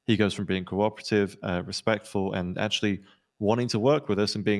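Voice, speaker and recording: A man with a fairly deep voice plays a police officer in a role-play. He tells the story of a standoff in a rapid debrief, acting out each quoted line. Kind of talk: in-character debrief recounting an incident.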